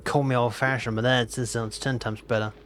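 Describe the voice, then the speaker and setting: A man's voice: medium pitch, little pitch movement, a little fast, fairly bright tone. A nineteen-year-old man, chatting casually and teasingly as a game streamer reacting to his chat. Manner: playful and teasing, repeats himself.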